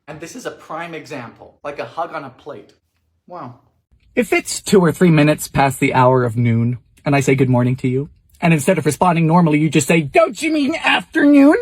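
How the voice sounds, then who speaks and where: A man hosting a vintage recipe cooking show, tossing out campy, sarcastic quips and sudden loud exclamations. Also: fairly high pitch, a little fast. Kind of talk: comedic cooking commentary.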